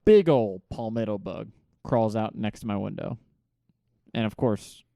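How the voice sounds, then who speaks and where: A man's voice: lowish voice, a little slow, creaky, dark tone, dry recording, clean studio sound. A young man co-hosting a casual movie podcast, telling stories animatedly and laughing often. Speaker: podcast co-host. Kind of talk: casual chat.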